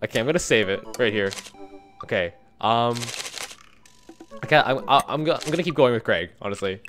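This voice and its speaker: Man, let's play host, excitable, stammering, animated pitch, background music. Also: fairly quick. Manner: excitable, stammers when deciding. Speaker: gaming video host.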